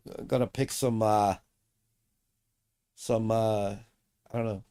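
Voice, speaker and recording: A man's voice: lowish voice, fairly even intonation, takes it slowly, mellow, clean tone, no room sound. A man hosting a livestream, talking in a blunt, opinionated and emphatic way in casual chat. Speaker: streamer host.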